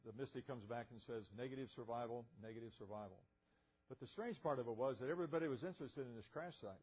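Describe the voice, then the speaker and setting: An older man speaks as a guest lecturer and tells an animated story, acting out the dialogue. His voice is husky and sits at a middle pitch. The recording sounds a bit muffled. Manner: lively storyteller, acts out quoted dialogue, chuckles often. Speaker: guest speaker, retired pilot. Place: museum lecture room.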